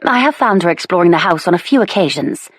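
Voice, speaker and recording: A woman's voice: on the low side, expressive, fast, dry recording, studio quality. A woman voicing a cheerful, chatty chaperone in a historical audiobook, chiming in lightly. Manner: bright, chiming.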